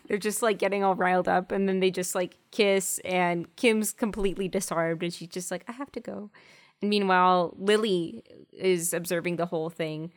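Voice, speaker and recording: A woman co-hosting a podcast, recapping an episode casually and voicing characters' lines in a higher pitch. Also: normal speed. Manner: lively, jumps high when quoting. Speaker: podcast co-host.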